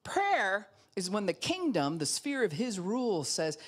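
A woman pastor preaching a sermon in an animated way, acting out other people's voices and laughing often. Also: mid-range voice, unhurried, hardly any pauses.

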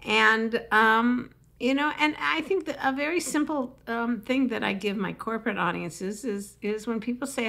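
Bright, animated comedian woman. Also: moderate pace, vocal fry, hardly any pauses. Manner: animated storyteller acting out quips with high whoops. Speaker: comedian and public speaking coach. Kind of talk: podcast interview.

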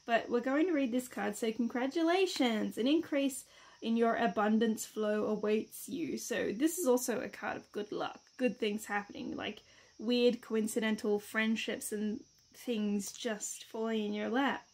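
Woman tarot reader, slightly high voice, chatty and reassuring. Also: measured pace, a little mellow. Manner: chatty, reassuring, rambling with fillers. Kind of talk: casual tarot reading to camera.

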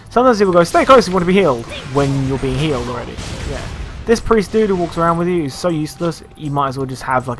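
A man giving casual, joking and sarcastic commentary while playing a video game. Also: mid-range voice. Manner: joking, sarcastic, self-mocking. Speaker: gameplay commentator.

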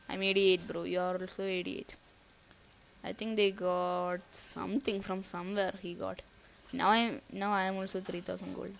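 A woman's voice: mid-range voice, little pitch movement, moderate pace, gravelly, slight background noise. A woman giving casual live commentary on her own gameplay. She thinks aloud and breaks into nervous outbursts. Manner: casual slangy talk to viewers. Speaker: gaming YouTuber.

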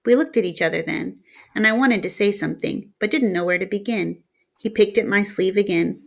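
A woman's voice: mid-range voice, fairly quick, gravelly. Woman reading a novel aloud. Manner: steady, storytelling. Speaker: reader. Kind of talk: audiobook narration.

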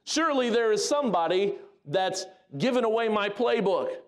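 A man's voice: sits high, lively intonation, normal speed, pitched above the performer's own voice. A man playing a barking, suspicious king. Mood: demanding. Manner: barking, demanding orders. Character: suspicious, commanding ancient male king.

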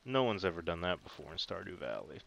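A man with a fairly low voice gives casual gameplay commentary, joking at his own expense and getting excited over small wins. A steady hiss sits under the home recording. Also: quick pace, gravelly, dull audio. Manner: joking, self-mocking, excitable. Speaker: gaming video host.

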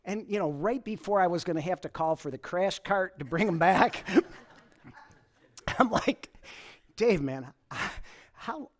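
A man preaching a conversational sermon as pastor, telling stories in an animated way, often chuckling and restarting his sentences. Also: high-pitched, unhurried. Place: church service.

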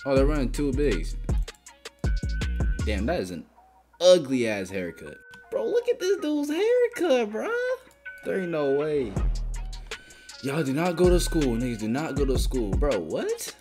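A young man talks through a video game match in a loose, profane stream of commentary. His pitch swings wildly between muttering and excited shouts. Music plays underneath. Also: measured pace, long pauses. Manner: excitable, swears a lot, trash-talks teammates and opponents. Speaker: gaming YouTuber. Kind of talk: casual gameplay commentary. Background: background music.

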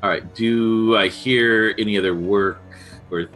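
A man plays his character in a tabletop game, asking the game master careful, hesitant questions. His voice sits very low yet sounds bright and crisp, with faint music behind. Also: fairly even intonation, unhurried. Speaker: player. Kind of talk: casual tabletop play.

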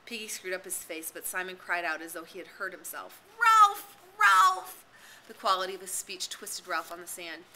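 A woman's voice: on the low side, steady tone, a little fast, few pauses, sharp tone, a little hiss or hum, poor audio. A woman narrating a novel as an audiobook, reading expressively and dramatically. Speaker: reader and tutor.

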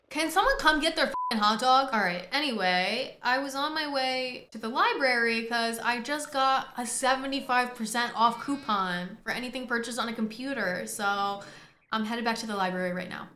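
Bright excitable woman gaming. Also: a little high, roomy sound. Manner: excitable, swears often, bursts of laughter. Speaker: gaming streamer. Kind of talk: casual gameplay commentary. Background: faint game music.

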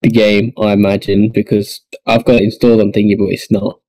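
A man on a podcast talking in a low, mellow voice. He speaks in an offhand, hesitant way, and the sound is close and dry. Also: little pitch movement, a little fast, dry recording, low-quality recording. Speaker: podcast co-host. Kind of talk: casual podcast chat.

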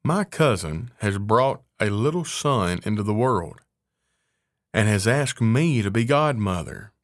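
A man voicing a sly, greedy female cat who coaxes smoothly. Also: on the low side, lively intonation, a little slow, no room sound, studio quality. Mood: coaxing.

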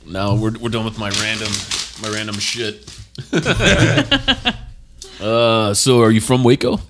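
Guy hosting a podcast, lowish voice, laughs a lot, swears, does the voices in his stories. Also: animated, slow, background noise. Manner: laughs a lot, swears freely, acts out quotes. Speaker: podcast host. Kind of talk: casual chat, storytelling.

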